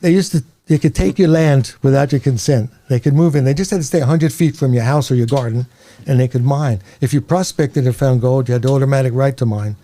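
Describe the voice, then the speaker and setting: An older man from New York with a New York accent, telling rambling, animated stories as an interview guest and laughing along. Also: mid-range voice, fast, hardly any pauses. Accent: American, New York. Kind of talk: casual storytelling.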